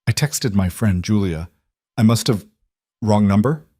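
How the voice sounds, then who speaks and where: A frightened young woman voiced by a male narrator, hushed and halting, her voice lifted above the narrator's own. Recorded close and dry, like a storybook audio drama. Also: lowish voice, animated, dry recording.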